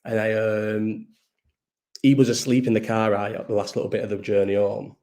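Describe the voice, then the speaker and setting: A man's voice: lowish voice, little pitch movement, normal speed, dark tone. A tired man, hosting a live chat in a rambling casual way, swearing often and trailing off mid-sentence. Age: 30s.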